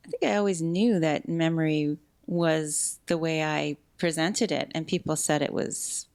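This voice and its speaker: A woman guest talking candidly in an interview, animated, with quick restarts and acted-out quotes. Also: low voice, creaky, smooth. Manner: animated, fast restarts, acts out quoted speech. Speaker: podcast guest.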